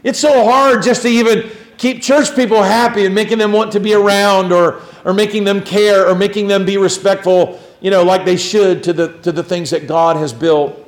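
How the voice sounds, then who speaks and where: Fervent preaching man, slightly high voice. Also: fairly even intonation, moderate pace, few pauses. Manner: preaching with swings between loud emphasis and quiet low lines. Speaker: pastor. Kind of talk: sermon.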